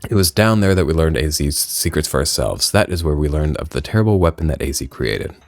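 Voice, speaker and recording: A man reading out a video game's dialogue in a put-on deep voice, playing a solemn former member of a villain group. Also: big pitch swings, fairly quick, creaky, dry recording, soft background music, exaggerated voice. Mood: ominous. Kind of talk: reading game dialogue aloud.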